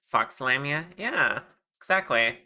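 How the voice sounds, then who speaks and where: A streamer chatting casually and warmly with viewers during a live modeling stream, laughing often. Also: mid-range voice, expressive, slow pace, background noise.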